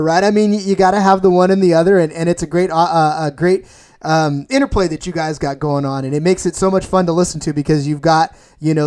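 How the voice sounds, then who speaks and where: A man's voice: a little high, darkish tone. A man hosting a podcast interview, enthusiastic and full of praise, often restarting his sentences. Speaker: podcast host. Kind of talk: casual interview.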